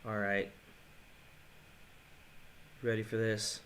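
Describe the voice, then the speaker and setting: A man reacting live while playing a mobile game, swearing and yelling in bursts, then muttering apologies and taunting his opponent. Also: fairly low pitch, monotone, extremely slow, slight background noise. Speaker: gaming vlogger.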